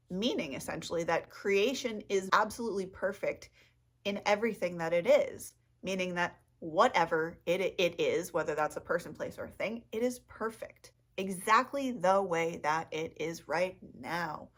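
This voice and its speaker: A woman artist talking casually to camera in a reflective vlog, chatty and animated with frequent laughs and quoted asides. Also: on the low side, normal speed. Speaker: artist vlogger.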